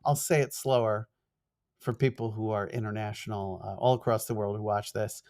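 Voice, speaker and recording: A middle-aged man with a New York accent, a former TV producer lecturing fast in an online course and acting out quoted emails. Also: lowish voice. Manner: fast-talking, animated, acts out quoted emails.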